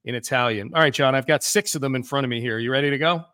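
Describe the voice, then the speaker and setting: A man hosting a casual sports podcast, talking quickly with jokes and many restarts. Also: medium pitch, pushed and bright, no echo, clean studio sound. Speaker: sports radio host.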